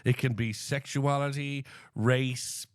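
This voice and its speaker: An Irish man co-hosting a podcast in casual, jokey chat, riffing eagerly. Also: mid-range voice. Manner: animated, jokey, quick to riff. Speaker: podcast co-host.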